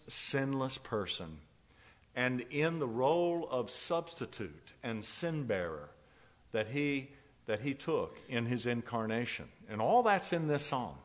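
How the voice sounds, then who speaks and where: Fervent, slow-spoken male preacher. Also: mid-range voice. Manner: fervent, repeats phrases, swings between loud declarations and soft pleading. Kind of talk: sermon.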